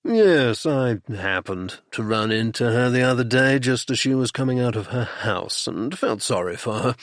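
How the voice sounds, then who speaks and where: A man voicing a blustering, jocular middle-aged aristocratic duke in an audiobook, gruff and clipped. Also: medium pitch, dry recording, clean studio sound.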